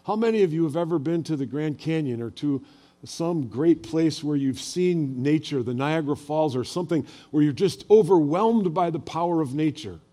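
A man's voice: fairly high pitch, animated, moderate pace, dark tone. An older man preaching a sermon as a pastor, telling personal stories in a conversational way and asking the audience questions.

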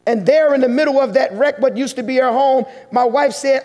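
Slowing down and pausing at the emotional points, a man preaches a heartfelt sermon story. His voice sits strikingly high with a slight mellowness, echoing with long reverb through a church hall.

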